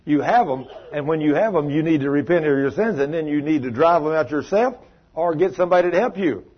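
A man's voice: a little high, lively intonation, fairly quick, muffled recording. A male preacher giving a fervent, emphatic sermon. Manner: fervent, emphatic, tells stories with acted quotes.

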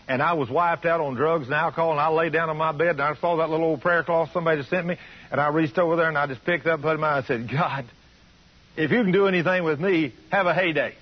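A man's voice: on the high side, quick pace, pitched above the performer's own voice, lightly acted. A man voicing a woman giving a church testimony, a little raised and earnest. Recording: muffled radio broadcast.

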